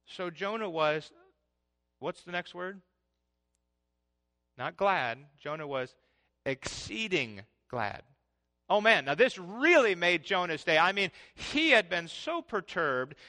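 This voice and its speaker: A man preaching a sermon in an animated way, swinging between loud passages and hushed ones. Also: high voice, gravelly.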